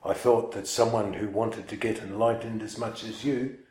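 A dry, pedantic old teacher drawls his remarks and tags them with a probing "hmm?", as a man puts him on. The voice sits low, and it echoes around a hard room. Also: steady tone, normal speed, darkish tone, close to an everyday voice. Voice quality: drawling with a questioning hum.

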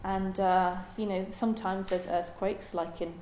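A woman giving a Buddhist dharma talk in a halting, thoughtful way, with many pauses and ums. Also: mid-range voice, steady tone, mellow, slight background noise. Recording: roomy echo.

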